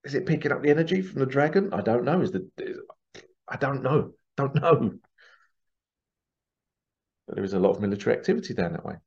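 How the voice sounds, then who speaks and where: A man's voice: medium pitch, expressive, a little fast, vocal fry, long pauses, a little mellow. A man from England telling a rambling, casual story in a monologue, full of restarts and asides. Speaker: spiritual channel host. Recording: dull lo-fi sound.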